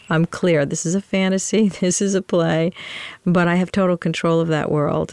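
A woman's voice: lowish voice, creaky, a little mellow, no room sound. A woman playwright and solo performer in an interview, telling candid stories and laughing often. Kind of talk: interview conversation, storytelling.

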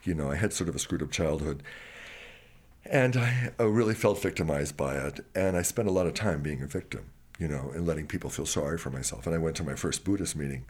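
A man from Wisconsin telling personal stories in an interview, animated and acting out other people's voices. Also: rumbling low, a little fast, slightly rough. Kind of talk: candid personal storytelling.

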